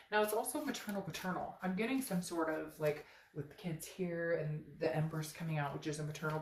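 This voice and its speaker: A woman with a deep, low voice talks through a tarot spread in a loose, chatty way, pressing her points straight at the viewer. Her voice rings in a roomy space, with a faint hiss of noise under it. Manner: chatty and emphatic, addressing viewers directly. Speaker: tarot reader. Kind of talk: casual tarot reading to camera.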